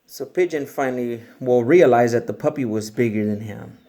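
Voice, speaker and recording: A man reading a picture book aloud to children and explaining it in a gentle, patient way. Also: mid-range voice, moderate pace. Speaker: storyteller for children.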